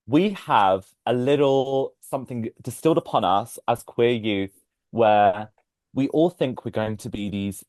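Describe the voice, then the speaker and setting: A man's voice: mid-range voice, a little slow, a little mellow, no echo. A young man co-hosting a podcast over a video call, chatting with camp, teasing asides. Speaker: podcast co-host. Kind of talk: casual chat.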